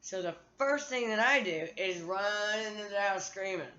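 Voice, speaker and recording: A woman's voice: medium pitch, expressive, moderate pace, lo-fi sound, heavy background noise. A woman vlogger talking to her phone in a candid, profane, rambling monologue.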